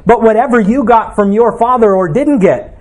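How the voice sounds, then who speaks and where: A man's voice: high-pitched, normal speed, a little mellow. A man, a pastor, preaching a sermon in an earnest, reflective way, asking his listeners questions.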